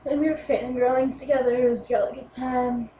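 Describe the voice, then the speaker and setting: A woman's voice: high voice, steady tone, brisk. A young woman co-hosting a vlog, chiming in with playful, teasing remarks. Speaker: vlog co-host. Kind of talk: casual chat. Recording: far from mic in echoey room with loud noise.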